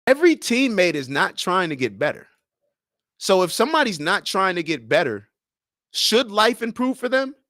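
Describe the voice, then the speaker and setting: A young man hosts a casual livestream, reading out viewer comments and arguing back with sports comparisons. His voice sits a bit high for a man. The sound is dry and close, with no room echo. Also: sing-song, moderate pace, sharp tone. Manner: conversational, reads viewer comments aloud; argumentative, uses sports comparisons. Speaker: livestream host.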